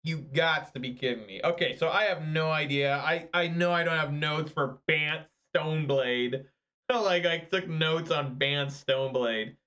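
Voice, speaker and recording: A man casually commentating his own card game matches, muttering through quiet turns and getting loud and excited at big plays. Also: on the high side, measured pace, dull audio. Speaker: gameplay commentator.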